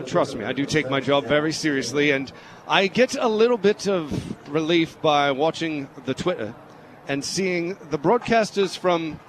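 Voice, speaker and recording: A man doing radio play-by-play of a baseball game in a playful put-on English accent. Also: fairly high pitch. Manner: playful mock-British delivery. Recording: radio broadcast with loud background noise.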